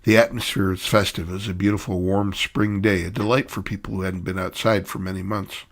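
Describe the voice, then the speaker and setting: Man, narrator, scripted story, lowish voice, measured. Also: little pitch movement.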